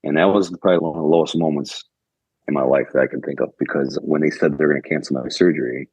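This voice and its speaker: A man's voice: extremely low pitch, steady tone, fast talker, a little mellow, husky, no echo, muffled recording. A young man from Michigan, a podcast guest, earnestly recounting events step by step and quoting what others told him. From Michigan, United States. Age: young adult. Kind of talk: conversational storytelling.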